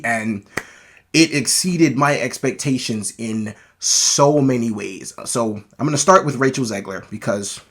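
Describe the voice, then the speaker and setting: A man's voice: medium pitch, a bit bright. A man giving a casual, enthusiastic movie review, talking loosely with frequent restarts and self-corrections.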